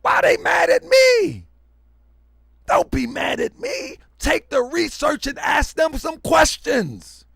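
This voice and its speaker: A loud, hyperactive man hosting a livestream, talking to his viewers as family and repeating himself for emphasis. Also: extremely high pitch, sing-song, slow, gravelly, no room sound, clean studio sound. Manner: preachy, calls listeners family. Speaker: online show host.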